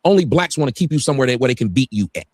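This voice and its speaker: A man's voice: medium pitch, lively intonation, very fast, a little mellow, no echo, clean studio sound. A man on a livestream talking heatedly, ranting emphatically and swearing often. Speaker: guest on a livestream.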